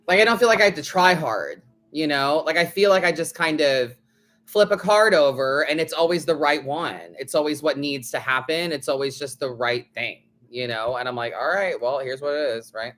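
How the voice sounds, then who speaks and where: A man's voice: fairly high pitch, moderate pace, a bit bright. A man hosting a live tarot stream, talking in a loose, chatty way full of "like" fillers, casual swearing and frequent laughter. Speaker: tarot reader, host.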